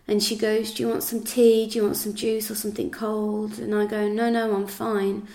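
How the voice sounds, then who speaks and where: An English woman being interviewed recounts events in the first person, quoting what was said amid frequent fillers. Her mid-range voice is flat, darkish, and marked by vocal fry, and she speaks at a moderate pace.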